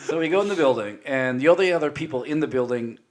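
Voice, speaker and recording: A man's voice: on the high side, quick pace. Canadian man telling a laugh-filled story. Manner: animated, laughs often, acts out quotes. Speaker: podcast guest telling a story. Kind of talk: casual storytelling.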